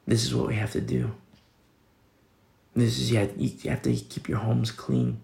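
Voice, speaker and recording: A man's voice: fairly low pitch, very animated, moderate pace, vocal fry, darkish tone, roomy sound. A man preaching a sermon in a casual, conversational way, reading scripture and explaining it with everyday fillers. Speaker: pastor.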